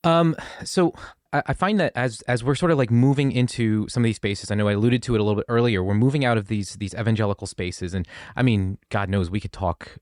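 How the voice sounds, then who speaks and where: Male podcast host, low pitch, dry booth sound, thoughtful meandering questioner. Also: steady tone, fast talker, darkish tone, dry recording. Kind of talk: casual conversation.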